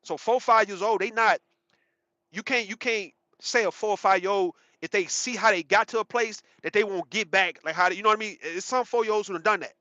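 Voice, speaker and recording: High-voiced, bright, animated man ranting. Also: fairly quick, no room sound. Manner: rambling, profane, emphatic, repeats himself. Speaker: commentary channel host. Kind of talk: casual commentary monologue. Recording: dull, muffled sound.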